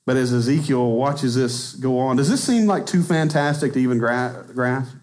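A man's voice: medium pitch, normal speed, darkish tone. A man in his thirties with a Texan accent, preaching a conversational sermon in a church and laughing at himself now and then. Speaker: pastor. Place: church sanctuary.

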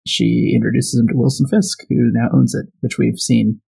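A man's voice: mid-range voice, level tone, normal speed, creaky, mellow, breathy edge, low-quality recording. A man co-hosting a podcast, casually recapping comic book plots with lots of fillers and paraphrased dialogue. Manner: recaps plot with many fillers and quoted paraphrase. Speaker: podcast co-host.

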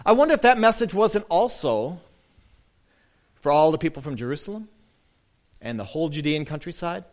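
A male pastor giving a casual, conversational sermon, slowing down and softening for quoted lines. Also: fairly high pitch. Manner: lively, conversational preaching with soft, slowed quoted lines.

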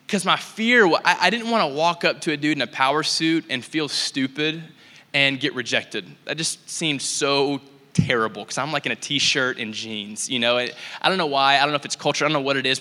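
A young man tells stories from the stage of a church in a loose, chatty way, with plenty of likes and ums. His voice is bright and forward, and a long hall reverb trails after each phrase. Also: mid-range voice. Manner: casual, animated, full of likes and ums. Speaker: church speaker. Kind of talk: storytelling sermon talk.

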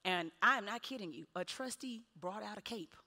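A woman preaching a sermon, animated, with punchy repeated refrains and laughing between lines. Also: mid-range voice, brisk. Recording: long hall reverb.

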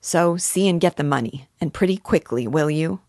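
A woman's voice: sits low, lively intonation, moderate pace, darkish tone, dry recording, studio quality. A woman reading the lines of a gloomy young man who speaks savagely to his brother. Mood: angry. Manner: savage, tense. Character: gloomy, bitter young man, quick to anger.

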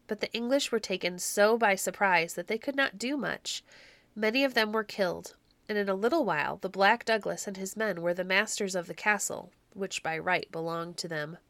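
A woman narrating a storybook in a measured, clear storytelling manner. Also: medium pitch, a bit bright, dry recording. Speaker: audiobook narrator.

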